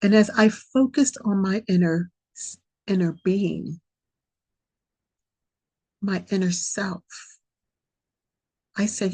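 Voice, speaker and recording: A woman's voice: medium pitch, fairly even intonation, mellow, no echo, poor audio. A woman hosting a podcast, sharing a reflective spiritual monologue in an earnest way that repeats and dwells on key phrases. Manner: slow, gravelly, breathy voice. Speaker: podcast host.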